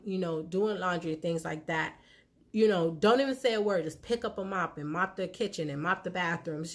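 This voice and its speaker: On the low side and a little bright, this woman's voice belongs to a relationship-advice vlogger in her thirties. She speaks candidly to her audience about her marriage, casual and frank, voicing the quoted lines herself.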